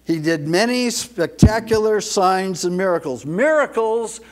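A man's voice: high voice, expressive, unhurried, a little mellow. A man preaching a sermon into a microphone to his congregation, emphatic and repeating words for stress, with folksy asides. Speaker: pastor.

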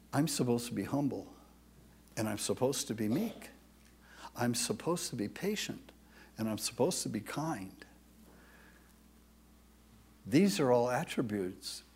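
A man preaching a sermon, speaking slowly and emphatically, with passages that drop to a soft, confessional tone. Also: mid-range voice, slight background noise.

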